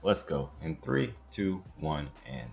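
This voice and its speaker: A man's voice: a bass voice, slow pace, creaky, over music. A man hosting a reaction video, chatting casually and emphatically as he comments on a clip. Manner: animated, emphatic, laughs along.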